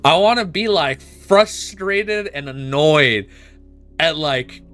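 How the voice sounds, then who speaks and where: A man with a slightly high, very animated voice reacts on a home livestream, reading passages aloud and then breaking into excited, emotional, profanity-filled outbursts. Soft music plays faintly behind him. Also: slow. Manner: excitable, emotional, swears constantly. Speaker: streamer reacting to a webnovel. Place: at home with his dog.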